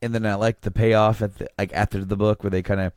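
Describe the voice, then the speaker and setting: A man co-hosting a podcast, talking casually with a halting, laid-back manner. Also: on the low side, level tone, a little mellow, clear, resonant tone, dry recording, clean studio sound. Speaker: podcast co-host. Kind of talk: casual comic book chat.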